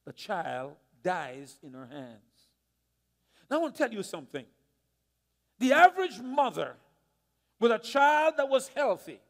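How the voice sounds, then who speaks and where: High-voiced preacher in a reverberant church. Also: male voice. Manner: dramatic storytelling, swings from hushed to loud. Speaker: pastor. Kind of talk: sermon. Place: church sanctuary.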